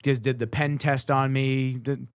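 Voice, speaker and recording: A man hosting a podcast, telling stories casually in a fast, animated way and swearing freely. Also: medium pitch, clean tone, no room sound, clean studio sound. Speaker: podcast host. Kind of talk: casual storytelling.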